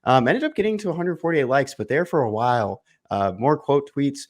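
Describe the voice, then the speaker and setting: Man, podcast co-host, low-key, measured, reads stats aloud, middling pitch. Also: expressive. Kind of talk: reading out a segment.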